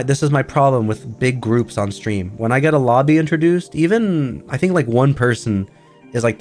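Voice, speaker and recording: A man streaming as a VTuber, chatting casually in a rambling way full of fillers and restarts. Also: medium pitch. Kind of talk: casual livestream chat.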